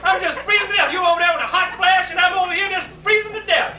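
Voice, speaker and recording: A man's voice: extremely high pitch, quick pace, sharp tone, a faint crowd, voice pushed up, heavily acted. A man doing a whiny, chilly mother. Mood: complaining. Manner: whiny, sing-song. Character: chilly, complaining middle-aged mother. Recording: roomy, distant home video with faint noise.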